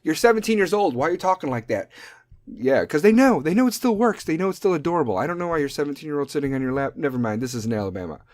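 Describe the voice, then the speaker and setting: A man's voice: animated, racing, darkish tone, no room sound, studio quality. A middle-aged man hosting a podcast, ranting profanely about parenting and drifting off on tangents. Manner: profane, tangent-prone, mimics kids in high squeaky voices. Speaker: podcast host. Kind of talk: profane comedic rant.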